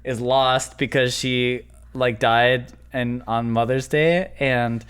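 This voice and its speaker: A man's voice: medium pitch, fairly even intonation, slow, fairly bright tone, clear, resonant tone. Tipsy young man, rambling and hesitant. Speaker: guest. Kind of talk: drunk casual chat, retelling an anime plot.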